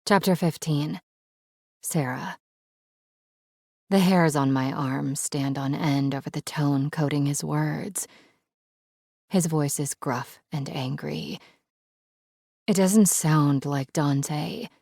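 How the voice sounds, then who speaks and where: A woman's voice: sits low, slow, gravelly, long pauses, darkish tone, no room sound, studio quality. A woman narrating an audiobook in the first person, with a dramatic, emotional delivery.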